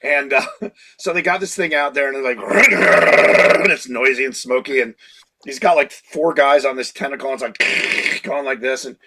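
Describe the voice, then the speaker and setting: A man in his sixties, a creature designer, telling lively anecdotes in a casual interview and slipping into impressions of people. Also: medium pitch, normal speed, creaky, heavy background noise.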